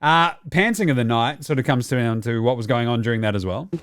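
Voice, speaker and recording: A man's voice: medium pitch, a little fast, heavy background noise. A man giving casual, profane sports commentary as a podcast host, sarcastic and acting out mock quotes. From Australia. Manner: sarcastic, swears freely, acts out mock quotes.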